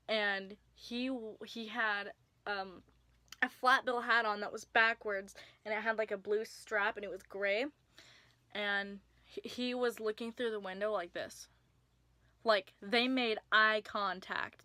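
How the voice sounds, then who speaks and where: A woman's voice: mid-range voice, fairly even intonation, unhurried, sharp tone, no echo. A young woman telling a personal story to camera in a casual vlog, chatty with lots of filler words and sudden whispers for emphasis. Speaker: vlogger.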